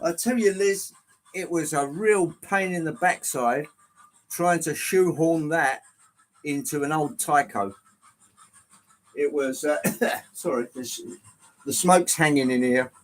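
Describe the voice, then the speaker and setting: Middle-aged male livestream host, fairly high-pitched, chatty and exclamatory, casual hobby-room talk. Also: slow pace, pauses often, poor audio. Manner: chatty, exclamatory, reads chat aloud. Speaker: livestream host showing model trains. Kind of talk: casual live chat with viewers. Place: indoor hobby room with layout.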